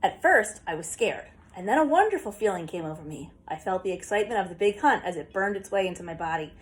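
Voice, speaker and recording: A woman reading a first-person story aloud as an audiobook, in a steady, plain storytelling manner. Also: mid-range voice, quick pace. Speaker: audiobook reader.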